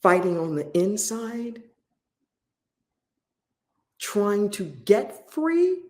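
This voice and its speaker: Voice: mid-range voice, very animated, drawn-out words, darkish tone. A pastor telling a story in a sermon, impassioned and repeating key phrases for emphasis.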